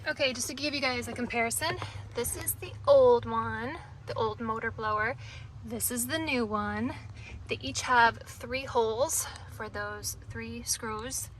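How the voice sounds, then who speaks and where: A woman's voice: a little high, unhurried, fairly bright tone, slight background noise. A woman talking viewers through a repair in her pickup truck in a casual how-to vlog, chatty and emotional. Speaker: DIY vlogger.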